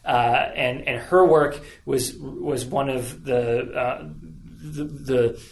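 Halting man explaining his screenplay. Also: mid-range voice, steady tone, gravelly, slight background noise. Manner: halting, many restarts and fillers. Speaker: filmmaker guest. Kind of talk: casual interview answers.

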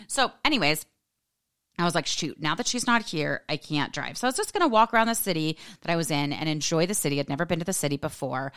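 A low, smooth-voiced American woman in her forties, chatting through a personal story on her podcast. She is sassy and animated and mimics the people she quotes, and her voice stays clear and resonant. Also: quick pace. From United States. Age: 40s. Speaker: podcast host. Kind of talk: casual storytelling monologue.

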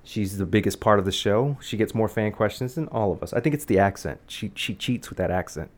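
A woman's voice: a bass voice, brisk, darkish tone. A woman hosting a casual podcast, rambling and self-mocking with frequent restarts. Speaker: podcast host.

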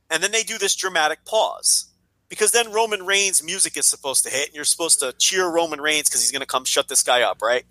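A man's voice: on the high side, bright, forceful tone, no room sound, rough recording. A man co-hosting a wrestling podcast, ranting in casual chat, exasperated and sarcastic, with frequent swearing.

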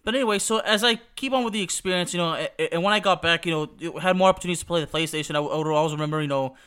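Rapid-fire and fairly high-pitched, this young podcast host from Texas has a sharp but smooth tone. He meanders casually through nostalgic recollections, restarting often and leaning on fillers.

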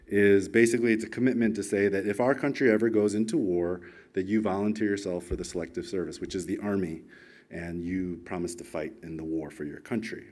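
Lively man preaching. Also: fairly low pitch. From United States. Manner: chatty, asks the congregation questions. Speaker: pastor. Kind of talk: conversational sermon.

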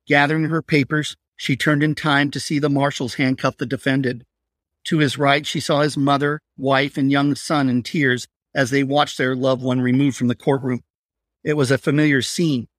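Male narrator for a dark crime tale, measured and steady, dry close sound. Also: mid-range voice, dry recording. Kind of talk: scripted story narration.

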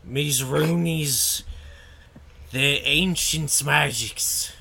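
A man voicing a captive male goblin with a dark, demonic voice, who talks slowly in broken grammar and begs. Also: on the high side, gravelly, slight background noise, voice pushed up, exaggerated voice. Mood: pleading. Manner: drawn-out, broken grammar, pleading.

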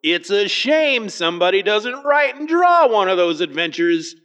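A man's voice: sits high, very animated, moderate pace, a bit bright, voice pushed up. A man voicing a chatty male comic writer in a put-on Southern good-old-boy accent. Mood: musing.

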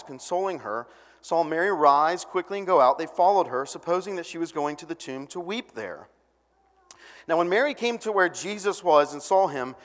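Animated preacher in a reverberant hall. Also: male voice, fairly high pitch. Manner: animated, conversational preaching with lively quoted voices. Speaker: pastor. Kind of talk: sermon.

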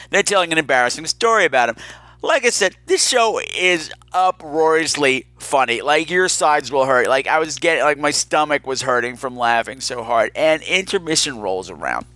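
A man's voice: fairly high pitch, normal speed, no room sound. A man hosting a podcast in casual chat, telling stories in a campy, sardonic way. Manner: campy, sardonic, animated storytelling. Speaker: podcast host.

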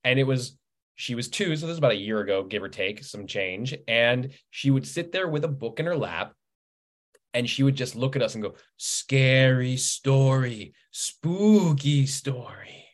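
A man in his thirties, a writer and podcast guest, chatting casually as a lively storyteller who laughs often and acts out quoted lines. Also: medium pitch, normal speed. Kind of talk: casual interview chat.

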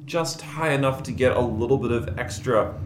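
A man's voice: medium pitch, moderate pace. A man playing a tabletop game, planning his move aloud with hesitant fillers. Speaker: player. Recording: echoey room with background noise.

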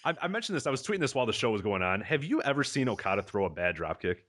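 A man co-hosting a podcast in casual chat, talking quickly and animatedly, laughing easily. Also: on the low side, big pitch swings, a bit bright. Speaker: podcast co-host.

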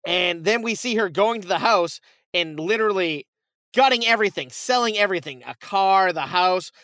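A man with a high, bright voice tells a film plot in loose, casual chat. He slips in characters' quoted lines as he goes and swears freely. The sound is dry and close, with no room around it. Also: clean tone, no room sound. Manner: animated storytelling, swearing, quick quoted asides. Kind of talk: casual movie recap.

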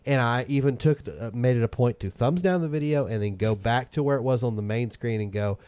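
A man's voice: mid-range voice, brisk, darkish tone, smooth, no room sound. A man in casual podcast chat, blunt, opinionated and sarcastic.

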